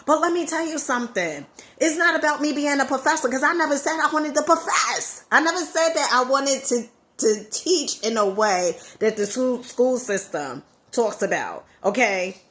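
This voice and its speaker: A woman's voice: high-pitched, expressive, moderate pace, a bit bright. A woman with a Southern accent giving an emphatic motivational talk to her viewers, repeating key phrases for effect. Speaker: motivational vlogger.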